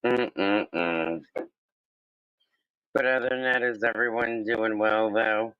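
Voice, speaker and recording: A man's voice: lowish voice, fairly even intonation, slow pace, smooth, no echo, highs cut off. A man chatting casually on a livestream, telling a long rambling story and acting out the other people's lines. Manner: rambling storyteller, acts out quoted dialogue.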